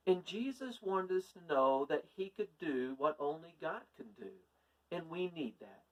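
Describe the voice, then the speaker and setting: A man, a pastor preaching in an earnest, folksy, unhurried manner. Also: a little high, lively intonation, dull audio. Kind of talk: sermon storytelling. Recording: distant from the mic.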